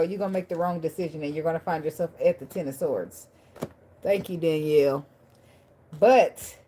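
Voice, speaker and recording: A woman reading tarot cards for her viewers in a casual, unfiltered way. She talks bluntly and swears freely, preaching and then laughing. Her voice sits fairly low, with a faint hum of room ambience behind her. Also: rough recording. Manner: animated, laughing and addressing viewers by name. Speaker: tarot reader.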